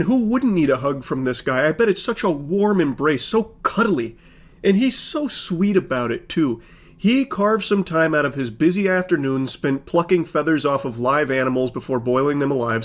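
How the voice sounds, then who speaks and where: A man giving sarcastic commentary on messages he reads out, with a deadpan, mocking delivery. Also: a little high.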